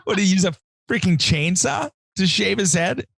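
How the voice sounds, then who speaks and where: A man's voice: high-pitched, animated, moderate pace, creaky, a bit bright, dry recording, studio quality. A man co-hosting a podcast, chiming in with short reactions in casual chat. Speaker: podcast co-host.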